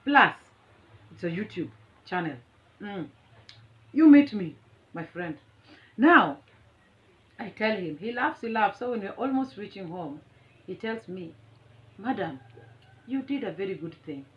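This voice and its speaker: A woman's voice: medium pitch, animated, unhurried, long pauses, lo-fi sound. Dramatic Kenyan woman telling a story. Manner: dramatic, boastful, laughs often. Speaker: vlogger and teacher. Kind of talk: animated storytelling. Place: home. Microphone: phone camera.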